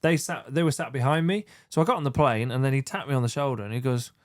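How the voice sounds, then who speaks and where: Man, podcast guest, rapid, mid pitch, laughs a lot, acts out quotes. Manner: animated storytelling, laughs often, acts out quoted voices. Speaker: podcast guest, motorcycle racer. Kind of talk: casual chat.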